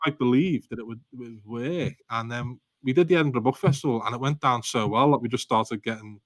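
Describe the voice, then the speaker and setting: A man's voice: mid-range voice, fairly quick, dry recording. Rambling self-deprecating Scouse man. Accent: Liverpool Scouse. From Liverpool, England. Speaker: guest author. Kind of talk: casual storytelling in a podcast interview.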